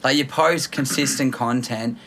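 Bright-voiced young guy. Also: mid-range voice, fairly even intonation, measured pace, husky. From Australia. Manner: loose and chatty, lots of fillers, laughs often. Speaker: guest, content creator. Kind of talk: casual podcast chat.

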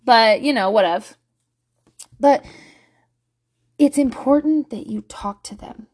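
A woman, telling a candid, profane parenting story in a vlog monologue. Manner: profane, animated, swings to loud and high when laughing.

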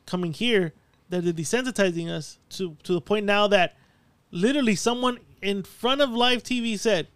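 A man's voice: high-pitched, moderate pace, fairly bright tone, smooth, no echo. A man co-hosting a podcast in casual chat, laughing often and swearing freely as he riffs. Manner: laughs often, profane, riffs on conspiracy theories. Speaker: podcast co-host.

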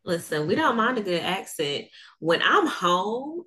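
A woman's voice: mid-range voice, very animated, a little slow, sharp tone. A woman with a Southern US accent from North Carolina, hosting a podcast interview in a chatty, upbeat way. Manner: chatty and upbeat, laughs often. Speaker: podcast host. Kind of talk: casual interview chat.

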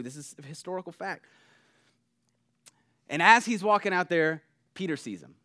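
A pastor preaching a sermon in a conversational, animated way, often checking in with the listeners. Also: male voice, a little high. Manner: conversational, animated, keeps asking "right?".

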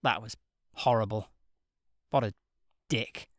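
A man's voice: fairly low pitch, takes it slowly, fairly bright tone, dry recording, pitched below the performer's own voice. Narrator voicing a young man, awkward, polite, stammering, audiobook dialogue, dry sound. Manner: flustered and stammering.

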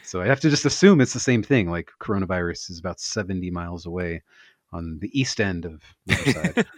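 A young man co-hosting a podcast in relaxed casual chat, laughing often and making wry remarks. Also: sits low, a little fast, no echo. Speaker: podcast co-host.

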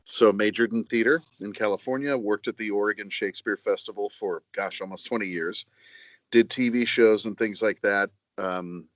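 A man talking as a voice actor guest on a podcast, chatty and self-deprecating with halting restarts. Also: lowish voice, fairly even intonation, no room sound. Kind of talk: casual podcast chat.

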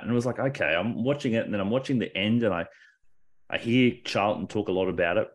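Low-voiced man in excited casual chat. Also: quick pace. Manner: excited, rambling, restarts often, swears casually. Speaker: podcast co-host. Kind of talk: casual wrestling discussion.

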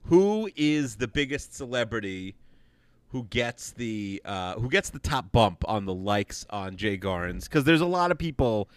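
A man co-hosting a casual podcast, talking in a rambling, halting way with many fillers. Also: medium pitch, big pitch swings, smooth, no room sound. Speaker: podcast co-host.

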